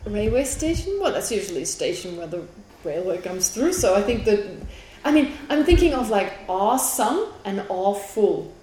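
A woman's voice: medium pitch, very animated, moderate pace, warm tone. A woman teaching a Buddhist philosophy class, explaining patiently and often checking in with her students. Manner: explanatory, asks the class questions, laughs easily. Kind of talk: classroom lecture. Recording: echoey room with faint background noise.

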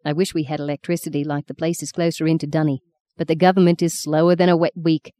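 A woman's voice: low-pitched, little pitch movement, fast talker, dark tone, no echo, close to an everyday voice. A woman voicing a chatty, frank Australian farm wife with an Australian accent in a storybook reading. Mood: breezy.

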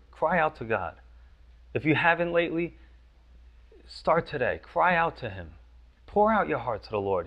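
Male pastor, casual preaching with lots of "you know", gravelly tone, muffled recording. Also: fairly high pitch. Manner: conversational, frequent "you know" and "right?". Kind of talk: sermon.

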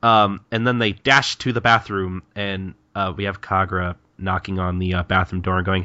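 A man's voice: low voice, little pitch movement, moderate pace, few pauses, sharp tone, dry recording, muffled recording. A man co-hosting a podcast, casually retelling the plot of manga chapters and acting out the characters' quoted lines. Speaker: podcast co-host. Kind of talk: casual chapter recap chat.

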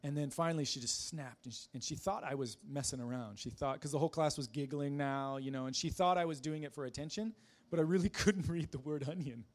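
A man giving a personal testimony in a casual, halting way, with many fillers, restarts and self-deprecating laughs. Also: a little high.

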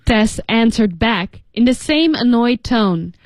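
Brief: female English co-host, bright-ish high voice, relaxed filler-laden explanations, dry booth sound. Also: takes it slowly, dry recording. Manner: casual explanations full of "like", acts out example lines. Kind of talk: bilingual radio English lesson.

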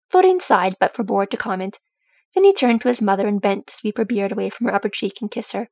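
Husky, gravelly woman reading a story. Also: mid-range voice, fast talker, darkish tone, no room sound. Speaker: audiobook reader. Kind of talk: fan fiction reading.

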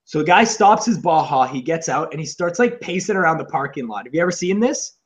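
A man co-hosting a podcast, chatting casually in a rambling, profane way and acting out loud shouted quotes. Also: a little high, big pitch swings, a little fast. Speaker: podcast co-host. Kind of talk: casual comedic chat. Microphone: on camera, seated.

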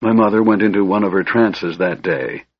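A man's voice: lowish voice, normal speed, husky. A man voicing a frail, sardonic young male mage who talks in a cold, hissing whisper, on a dull lo-fi recording. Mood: bitter, musing. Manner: cold, brooding, bitter.

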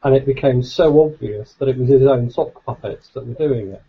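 A man's voice: medium pitch, brisk, slightly rough, phone-quality sound. A man, a co-host and father, telling stories in a wry, casual way. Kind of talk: casual group chat.

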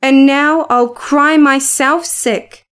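A woman's voice: sits high, steady tone, takes it slowly, a bit bright. A woman voicing a proud, hot-tempered young woman who speaks fiercely and sulkily. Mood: angry. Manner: fierce and sulky.

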